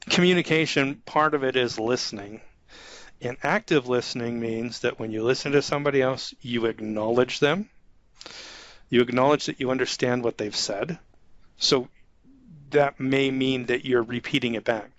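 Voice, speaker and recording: A man who manages an IT staff, talking informally about soft skills and acting out example conversations with a light chuckle. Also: medium pitch, no room sound, dull audio. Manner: conversational, acts out example dialogues, chuckles often. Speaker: IT manager giving career advice.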